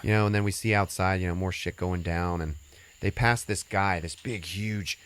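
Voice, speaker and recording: A man's voice: deep voice, fairly even intonation, normal speed, a bit bright, smooth. A man hosting a podcast, retelling a film's plot in a loose, rambling way, full of fillers and swearing. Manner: rambling, filler-heavy and profane. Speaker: podcast host recapping a film. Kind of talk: casual movie recap chat.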